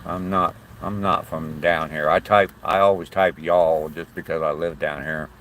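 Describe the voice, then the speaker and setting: Older guy from southern ohio, little southern twang, deep voice, chatty livestream host talking to chat. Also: fairly even intonation, moderate pace, fairly bright tone, a little hiss or hum. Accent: slight southern twang. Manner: chatty, rambling, friendly to chat. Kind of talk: casual live-stream chat with viewers.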